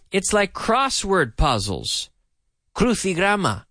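Lively radio English teacher, man. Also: high voice, dry recording, clean studio sound. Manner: animated, repeats each sentence slowly for learners. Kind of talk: radio language lesson.

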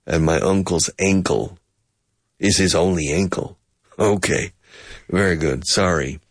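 In a clean, dry studio recording, a male English teacher keeps a measured pace. He gives a playful lesson, switching pitch to perform both sides of a conversation and using snippets of Spanish to explain phrases.

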